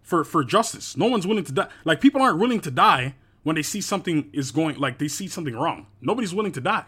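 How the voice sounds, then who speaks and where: A man hosting a podcast, talking in an emphatic, animated way and swearing casually in a group discussion. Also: on the high side, fast, slightly rough.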